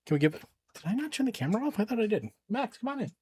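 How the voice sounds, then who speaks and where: A man's voice: high-pitched, very animated, rapid-fire, warm tone, slight background noise. A man streaming games for charity, chatting casually with viewers and his dog. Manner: chatty, talks to his dogs and chat. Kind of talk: casual live-stream chat.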